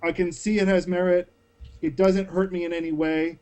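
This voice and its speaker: A man's voice: sits high, little pitch movement, moderate pace, a little mellow, clean tone. A man on a panel show, talking casually with sarcastic emphasis over a video call.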